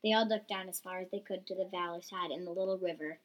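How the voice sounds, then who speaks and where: A woman reading a homemade farm story aloud in a lively, plain way. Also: fairly low pitch, fast, low-quality recording.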